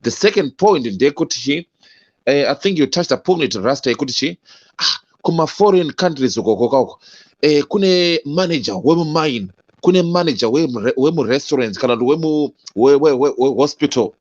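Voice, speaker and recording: A man from Zimbabwe moderating a discussion, halting with stammered restarts and mixing English and Shona. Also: medium pitch, expressive, muffled recording.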